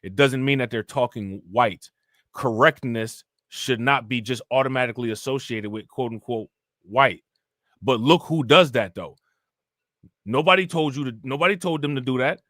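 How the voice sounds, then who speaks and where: A man hosting a casual livestream, ranting in animated, slangy commentary and reading chat comments aloud. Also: medium pitch, no echo, studio quality. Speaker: livestream host reacting to news.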